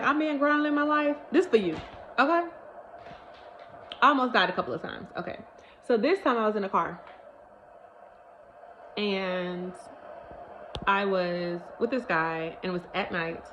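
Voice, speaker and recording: A woman tells a personal testimony with animated, emphatic delivery and keeps turning to talk straight to her viewers. Her mid-pitched voice comes through a somewhat dull, lo-fi recording with a faint hiss underneath. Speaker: vlogger sharing a testimony.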